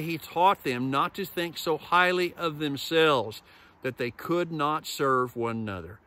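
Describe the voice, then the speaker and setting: Man preaching a conversational sermon. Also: fairly high pitch. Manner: conversational preaching, retelling stories in lively quoted voices. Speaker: pastor.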